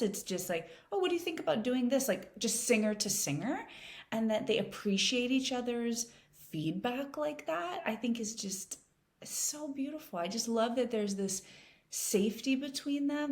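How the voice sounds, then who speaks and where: A woman hosting a reaction video in casual, chatty commentary, bubbly and quick to laugh, in an echoey room. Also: medium pitch. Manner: bubbly, chatty, laughs often, gets emotional.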